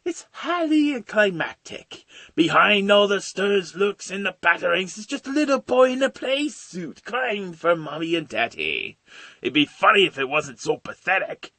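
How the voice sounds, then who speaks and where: A man's voice: high voice, sing-song, measured pace, sharp tone, no room sound, pitched above the performer's own voice, full character voice. A man voicing a gleeful, taunting male villain clown with a cackling laugh. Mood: gloating.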